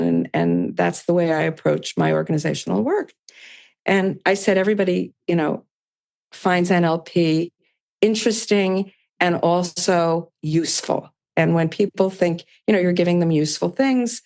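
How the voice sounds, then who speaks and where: A woman's voice: on the low side, darkish tone. An older woman, a podcast guest, telling a story in casual conversation and voicing both sides of past dialogue with small laughs.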